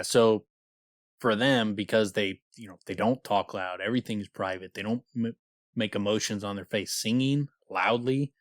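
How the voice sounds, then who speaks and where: Low-voiced man on a dry, close mic. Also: no room sound. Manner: reads passages aloud with small character voices, laughs often. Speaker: podcast co-host. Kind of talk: casual chat and book reading.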